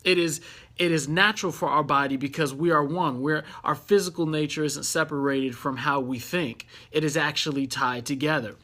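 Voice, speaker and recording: A man's voice: fairly high pitch, fairly even intonation, moderate pace, pushed and bright. Upbeat man greeting livestream viewers. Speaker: host of an encouragement livestream. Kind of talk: casual livestream chat. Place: office.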